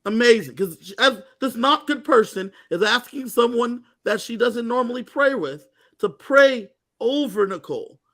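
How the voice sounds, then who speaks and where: A man co-hosting a casual recap chat, telling the story with animated energy. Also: extremely high pitch, normal speed, few pauses. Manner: animated storytelling, acting out quoted lines. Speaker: co-host.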